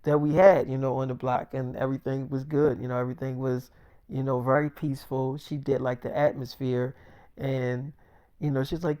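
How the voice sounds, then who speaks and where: A man's voice: medium pitch, little pitch movement, normal speed, warm tone, clean tone. Rambling casual male storyteller. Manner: rambling, with many fillers and profanity.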